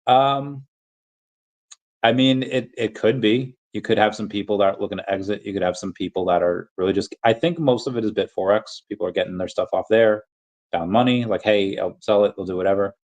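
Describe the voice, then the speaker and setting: Casual low-voiced man chatting on a livestream. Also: fairly quick, a little mellow, muffled recording. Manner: rambling, self-correcting, reads chat in playful voices. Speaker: livestream host answering chat.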